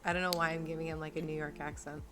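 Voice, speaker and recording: A woman's voice: deep voice, flat delivery, very fast, background noise. A woman streamer reading a book aloud and stopping to chat and joke with her live viewers.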